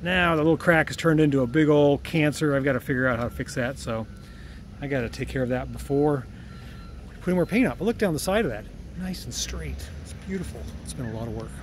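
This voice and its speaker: A man's voice: on the high side, brisk, slight background noise. A man casually walking through his workshop, rambling about his car restoration and catching his own mistakes as he goes. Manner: rambling, self-correcting, fond of the cars. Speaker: car restorer and channel host. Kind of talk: casual shop walkaround vlog. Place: home workshop and driveway.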